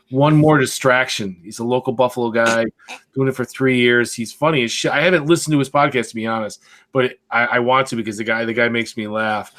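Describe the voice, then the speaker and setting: A man co-hosting an arcade-collecting podcast, chatting casually in a rambling, animated way and swearing freely. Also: medium pitch. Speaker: podcast co-host. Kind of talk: casual chat.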